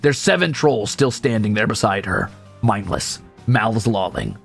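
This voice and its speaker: A man's voice: on the low side, animated, unhurried, creaky, soft background music. A male streamer reading a game's story aloud, with sarcastic, profane asides. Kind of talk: game read-through with commentary.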